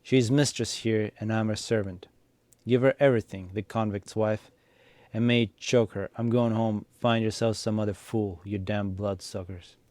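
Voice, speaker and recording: Brief: enraged young peasant woman in a read-aloud story, man voicing her, low-set voice, dry sound. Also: steady tone, moderate pace, dry recording, close to an everyday voice. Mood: furious, bitter. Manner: shouting, bitter. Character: furious young peasant daughter-in-law.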